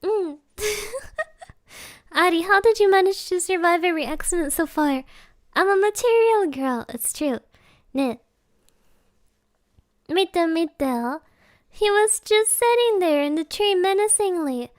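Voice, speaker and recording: A woman's voice: extremely high pitch, unhurried, long pauses, dry recording, studio quality. A woman streamer chatting casually from home, giggly and rambling in a playful way. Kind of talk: casual live-stream chat.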